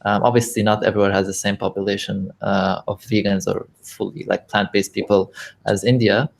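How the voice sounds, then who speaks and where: A man's voice: on the low side, little pitch movement, normal speed, vocal fry. A man guesting on a casual online panel, explaining his view earnestly with many filler words. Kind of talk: casual online group chat.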